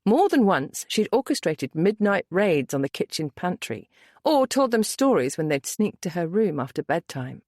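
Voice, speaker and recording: A woman narrating a romance novel audiobook with an expressive storytelling lilt. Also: fairly low pitch, normal speed, no room sound, clean studio sound.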